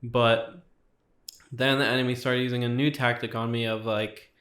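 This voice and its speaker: A man's voice: medium pitch, little pitch movement, moderate pace, a bit bright, echoey room. A young man sharing his personal testimony as a guest, talking casually with lots of fillers. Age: young adult. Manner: casual, filler-heavy storytelling with many likes.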